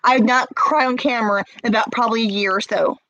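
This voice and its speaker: A woman's voice: on the high side, steady tone, quick pace, pushed and bright, no room sound, highs cut off. A woman crying as she talks to camera, confronting someone with repeated pointed questions in an emotional rant. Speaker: vlogger.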